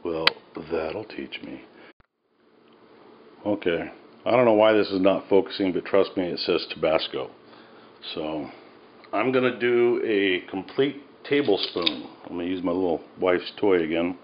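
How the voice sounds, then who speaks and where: A man with a very low voice talks his way casually through a recipe in a home kitchen. He rambles and cracks self-mocking jokes. The sound is a little dull, with a faint hiss behind. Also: expressive, measured pace. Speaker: home cook. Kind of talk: casual cooking video.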